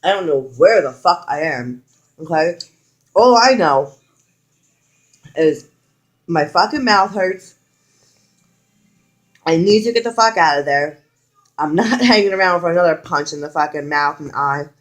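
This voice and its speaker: A woman's voice: lowish voice, animated, unhurried, pauses often. A young woman vlogger telling a personal story in casual storytime style, frank and full of swearing, acting out the quoted lines.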